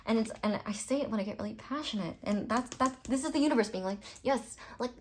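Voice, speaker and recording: A woman's voice: a little high, quick pace, a little hiss or hum. A young adult woman giving a casual tarot reading, rambling and gushing, filling her talk with "like" and some swearing. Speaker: tarot reader. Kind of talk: casual pick-a-card reading.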